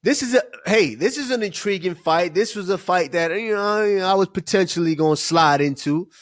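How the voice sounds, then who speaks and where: A man co-hosting a fight podcast in casual chat, laid-back and drawn-out, laughing easily as he breaks down matchups. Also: high-pitched, no echo, clean studio sound. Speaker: podcast co-host, fight analyst.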